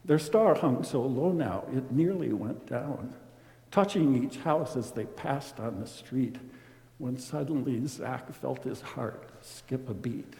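A man reading a rhyming story aloud, expressive and dramatic. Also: mid-range voice, takes it slowly, vocal fry. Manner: expressive, dramatic swings in loudness. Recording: roomy with long reverb.

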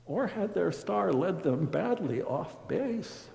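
Male storyteller reading verse with drama and a mellow, unhurried delivery. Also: high voice, creaky. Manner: expressive, dramatic swings in loudness. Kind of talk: rhyming storybook narration. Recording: roomy with long reverb.

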